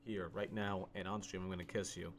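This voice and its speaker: A man's voice: low voice, level tone, a little fast, a loud crowd. A man in casual banter with his partner at home, speaking away from her mic with a dry, teasing manner. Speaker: streamer's partner. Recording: roomy, off-mic with faint noise.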